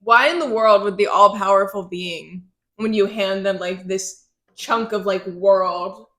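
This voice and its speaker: A woman's voice: mid-range voice, a bit bright. A woman in her twenties co-hosting a podcast, recapping a book in a casual, giggly chat full of playful retellings. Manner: giggly, retells scenes in quick playful bits. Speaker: podcast co-host. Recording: roomy echo.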